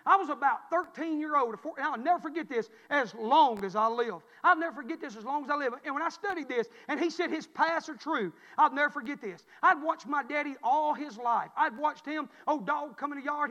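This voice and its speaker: High-voiced preacher telling a story. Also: male voice, big-room sound, highs cut off. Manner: folksy storytelling, swings from loud to hushed. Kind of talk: storytelling sermon. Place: church.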